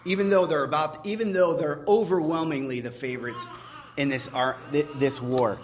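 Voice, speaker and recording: A man's voice: a little high, steady tone, moderate pace, a little hiss or hum. A man preaching a sermon as pastor, talking conversationally with fillers and restarts, then building to fervent emphasis.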